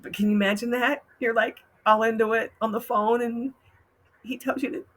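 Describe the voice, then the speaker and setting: A woman's voice: on the high side, steady tone, normal speed, fairly bright tone. A woman hosting a casual advice talk, frank and blunt, often laughing as she reads out posts. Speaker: host giving advice.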